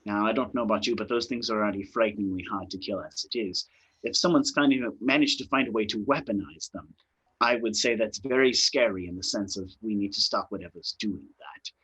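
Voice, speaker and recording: A man narrating as game master of a tabletop game, explaining calmly and trailing off at times. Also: lowish voice, slightly rough, rough recording. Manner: unhurried, explains in plain terms, trails off at times.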